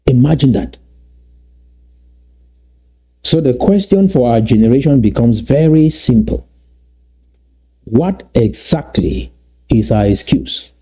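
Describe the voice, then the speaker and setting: Guy giving a pep talk, very dark mellow voice, kinda husky, repeats stuff slow for effect. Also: medium pitch, expressive. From Southern Cameroons. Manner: emphatic and repetitive, slowing down to stress key phrases. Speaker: activist speaker. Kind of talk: motivational address to a community.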